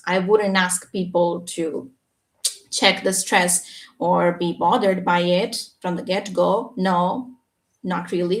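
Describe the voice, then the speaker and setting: A woman teaching English on a live stream, explaining patiently and checking in with a quick "yeah?". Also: mid-range voice. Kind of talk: live Q&A reading viewer comments. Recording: echoey room, voice a bit far from the mic.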